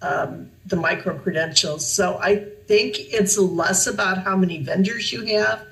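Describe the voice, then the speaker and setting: A woman's voice: on the low side, measured pace, creaky, a bit bright, echoey room, poor audio. A woman presenting at a formal public meeting, explaining her views thoughtfully with frequent fillers.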